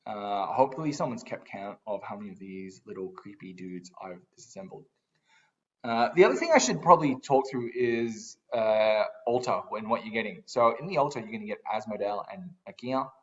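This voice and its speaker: A man's voice: on the low side, animated, brisk, dull audio. A man giving casual commentary on a mobile game, ranting and swearing in exasperation as he talks. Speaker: gaming YouTuber.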